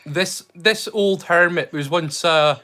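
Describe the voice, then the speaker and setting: A man's voice: on the high side, slow, sharp tone, faint music behind. A man, chatting casually and rambling as he hosts a movie watch-along livestream. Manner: chatty, rambling, self-correcting. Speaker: livestream host.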